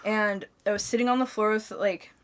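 A woman's voice: medium pitch, steady tone, brisk. Rambling young woman telling stories. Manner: rambling storyteller, heavy on filler "like". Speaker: podcast co-host. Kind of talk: casual podcast chat.

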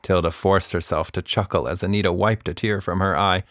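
A man narrating a children's story in a calm, expressive way. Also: low voice, a little fast, hardly any pauses, no room sound, clean studio sound.

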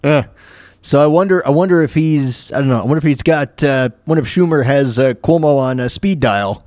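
A man's voice: mid-range voice, a little fast, a little mellow, dry recording. A man hosting a podcast who comments casually on news clips, rambling and hesitant with many fillers and restarts. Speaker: podcast host.

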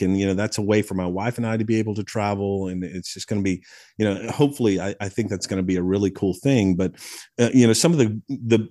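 A man in his forties, a guest on a podcast, telling stories in a casual, animated way with frequent restarts and easy laughter. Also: on the low side, dry recording, studio quality. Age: 40s. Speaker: podcast guest, public speaker. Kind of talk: casual storytelling conversation. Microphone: podcast studio microphone.

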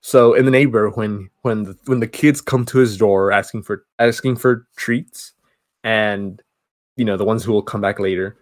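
A man's voice: lowish voice, fairly even intonation, no room sound. Casual man recapping a movie. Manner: rambling retelling with quick acted quotes. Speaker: podcast co-host.

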